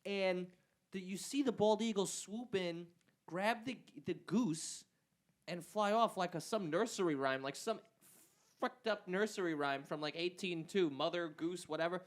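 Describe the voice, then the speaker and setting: A man's voice: sits high, unhurried. A man co-hosting a podcast, wisecracking and stammering through casual chat. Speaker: podcast co-host.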